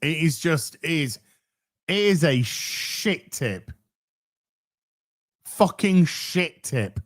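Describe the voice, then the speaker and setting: A man's voice: fairly high pitch, big pitch swings, drawn-out words. A British man telling a story in casual chat, sarcastic and swearing often, acting out both sides of an exchange. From Britain. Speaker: podcast host.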